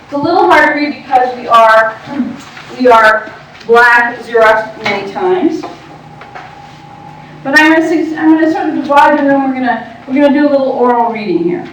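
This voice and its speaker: A woman teacher leading a group reading, brisk and directive, prompting the room. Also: high voice, fairly bright tone. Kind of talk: classroom teaching. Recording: echoey room from far off, faint noise.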